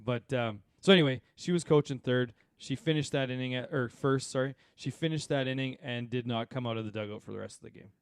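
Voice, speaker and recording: A man, co-hosting a podcast and telling animated, rambling stories full of fillers and asides. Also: mid-range voice, fairly quick, hardly any pauses, clean tone, no room sound, clean studio sound. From Saskatchewan, Canada. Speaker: podcast co-host. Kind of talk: casual chat.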